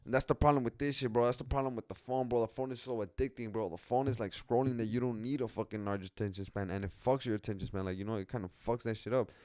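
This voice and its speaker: Young man, casual rambling podcast talk, heavy slang and swearing, smooth voice, dry close mic. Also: medium pitch, steady tone, quick pace, hardly any pauses, darkish tone, dry recording. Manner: rambling, profane slang, frequent restarts. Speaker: podcast host.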